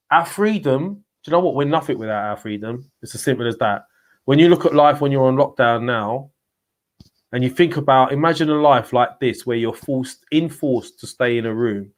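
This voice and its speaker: A man of middle pitch co-hosting a loose banter stream, quizzing his co-host and taking viewer questions with a teasing edge. He talks in a relaxed, chatty way. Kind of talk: casual live-stream banter.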